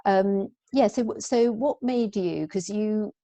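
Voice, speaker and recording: A woman's voice: mid-range voice, slow pace, warm tone, no echo, lo-fi sound. A woman hosting a casual interview over a video call, chatty and rambling with many restarts.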